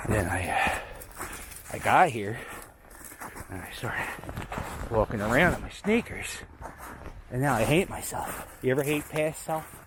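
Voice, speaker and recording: A man talking on a walk through an abandoned snowy waterfront, his pitch swinging up and down as he chatters. He keeps up a loose, wandering commentary and keeps turning to talk to his dog. Outdoor noise runs clearly under the handheld camera audio. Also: expressive, unhurried, long pauses. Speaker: vlogger exploring abandoned sites. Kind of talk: casual walking commentary.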